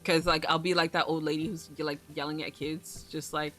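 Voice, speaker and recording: A woman's voice: low voice, level tone, fairly quick, pushed and bright, soft background music. A young woman streaming, chatting casually in a rambling way, swearing freely and laughing often. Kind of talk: casual livestream chat.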